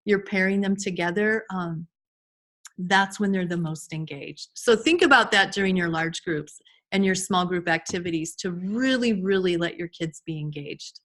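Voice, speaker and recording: A woman's voice: lowish voice, normal speed, a bit bright. A woman giving an informal online class to teachers over a video call, chatty with frequent restarts and fillers. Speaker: early childhood trainer.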